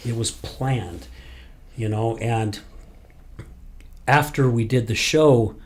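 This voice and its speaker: A man's voice: medium pitch, takes it slowly. A man from Utah tells his own story on his podcast. He speaks bluntly and swears freely, and his voice carries open emotion. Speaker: podcast host.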